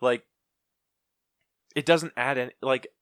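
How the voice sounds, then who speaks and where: A man's voice: medium pitch, steady tone, slow, smooth, dry recording, clean studio sound. A man co-hosting a podcast in casual chat, ranting with profanity and mockingly acting out movie lines. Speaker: podcast co-host.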